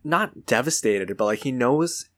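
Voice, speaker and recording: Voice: mid-range voice, unhurried. A podcast co-host recapping an episode in casual chat, acting out the characters' lines. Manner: animated, acts out character lines.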